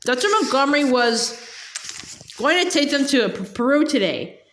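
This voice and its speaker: A woman voicing a sly, scheming villain man in disguise, smooth and falsely polite, while reading a storybook aloud. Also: sits high, expressive, normal speed, fairly bright tone, reverberant, pitched above the performer's own voice.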